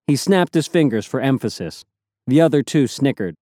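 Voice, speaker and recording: A man narrating an audiobook in a measured storytelling manner. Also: medium pitch, expressive, warm tone, dry recording, clean studio sound. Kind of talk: scripted narration.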